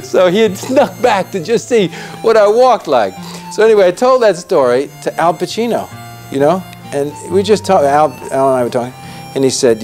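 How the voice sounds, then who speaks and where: A man's voice: sits high, moderate pace, faint music behind. An older man, an actor, telling an anecdote in an interview and acting out every voice in it. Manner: lively storyteller acting out the voices in his story.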